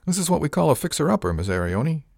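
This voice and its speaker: A man voicing an older ship captain with a dry, measured and wry manner, in an audiobook. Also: fairly high pitch, very animated, gravelly, a little mellow, no room sound, pitched above the performer's own voice, heavily acted.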